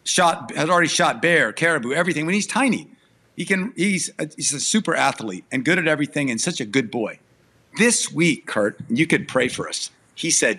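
A man's voice: mid-range voice, animated, fairly quick, vocal fry, pushed and bright. A middle-aged man sharing a personal testimony as an interview guest, earnest and emphatic, his voice tearful and breaking with emotion.

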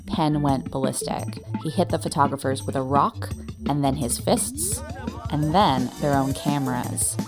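A woman hosting a podcast, giving scripted narration with a wry storytelling delivery. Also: deep voice. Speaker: podcast host. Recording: narration over background music.

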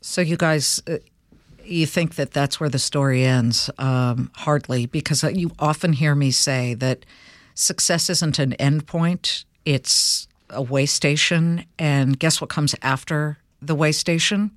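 A woman hosting an interview podcast, talking lively and directly to her listeners. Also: low voice, unhurried, no echo, clean studio sound. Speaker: podcast host. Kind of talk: host interview and read ad.

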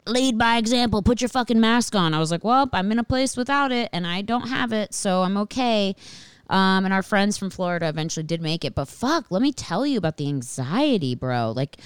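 Casual podcast host, female, low pitch, swears freely, dry close recording. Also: smooth, dry recording. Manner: animated, swears constantly, anxious rambling. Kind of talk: casual storytelling monologue.

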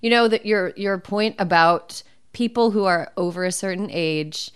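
A woman's voice: medium pitch, moderate pace, smooth. A woman hosting a podcast in casual chat, talking frankly and loosely with the odd swear. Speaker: podcast host.

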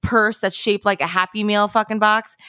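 A woman co-hosting a podcast in casual chat, telling stories with lively acted-out quotes and casual swearing. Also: mid-range voice, normal speed, dry recording, studio quality. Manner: lively storyteller acting out quotes. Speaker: podcast co-host.

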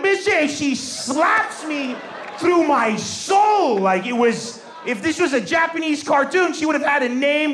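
A man performing stand-up comedy storytelling, animated, bursting into loud shouts as he acts out characters. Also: very high voice, noisy background. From Lebanon. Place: large venue with a live audience. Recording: echoey hall with crowd laughter.

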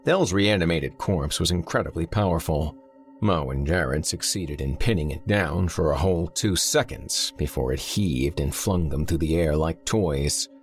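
A man reading a horror story aloud in steady, measured scripted narration. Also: rumbling low, soft background music. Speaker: audiobook narrator.

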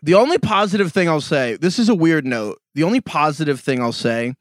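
A man hosting a casual sports podcast chat, animated and often jumping into high mock voices. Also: fairly quick, dry recording. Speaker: podcast host.

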